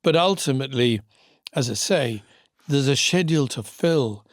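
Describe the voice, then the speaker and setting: A middle-aged man co-hosting a podcast, a former TV commissioner telling anecdotes in a relaxed, reflective casual chat. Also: medium pitch, normal speed, dry recording, studio quality.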